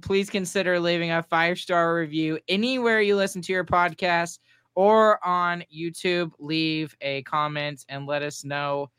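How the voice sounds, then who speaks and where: A man's voice: high-pitched, a bit bright, clean tone, no room sound, clean studio sound. A young man hosting a podcast in casual chat, rambling loosely and laughing easily. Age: young adult. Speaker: podcast host.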